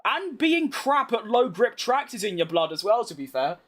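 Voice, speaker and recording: A young man with a British accent, chatting casually as he streams a racing game, reacting fast and poking fun at himself. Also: high-pitched, sing-song, fairly bright tone. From United Kingdom. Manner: chatty, quick reactions to the race, self-mocking. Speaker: gaming streamer. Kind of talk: live gameplay commentary while reading chat.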